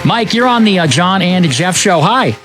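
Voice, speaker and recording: A male radio co-host telling lively stories and greeting callers, laughing while he talks into a studio microphone. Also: high voice, normal speed, faint music behind. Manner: animated storyteller, laughs while talking. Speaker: radio talk show co-host. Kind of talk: casual radio chat.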